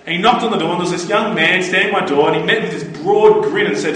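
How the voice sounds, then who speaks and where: A man's voice: sits high, quick pace, few pauses, a bit bright, slight background noise. A man preaching a sermon, earnest and full of stories. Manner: earnest, anecdotal, quotes others in brief voices. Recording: echoey hall, voice from far off.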